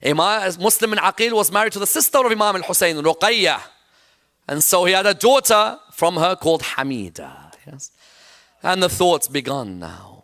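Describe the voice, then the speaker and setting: High-voiced male preacher, smooth tone. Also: lively intonation, moderate pace, sharp tone. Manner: storytelling, rising to a chant-like lament. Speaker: Islamic lecturer. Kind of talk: sermon with tragic narration.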